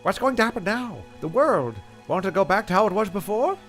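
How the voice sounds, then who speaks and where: A man's voice: high voice, animated, brisk, fairly bright tone, faint music behind, voice pushed up. A man voicing a worried, earnest young son character from a game, speaking in a raised, pleading tone. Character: anxious young male islander, earnest son.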